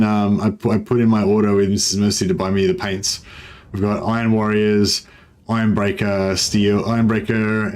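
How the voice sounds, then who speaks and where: A man's voice: fairly low pitch, a little mellow. A man streaming a strategy game, chatting in a rambling way and greeting viewers. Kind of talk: casual livestream commentary.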